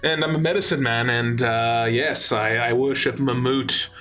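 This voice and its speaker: A man's voice: medium pitch, steady tone, normal speed, pushed and bright, voice pushed down, natural voice. Yornir, a man putting on a prim posh shaman. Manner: prim, overly polite, upper-class. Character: posh chipper male shaman pilgrim.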